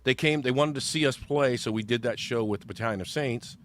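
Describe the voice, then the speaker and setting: A man's voice: medium pitch, fairly quick. A man in his fifties, a podcast guest telling a story in a casual, rambling way with stammered repeats.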